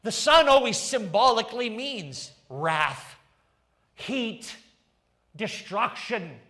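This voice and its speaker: A pastor preaching a sermon, animated and rising to fervent emphasis as he tells the story. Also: sits high, takes it slowly. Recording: livestreamed sermon.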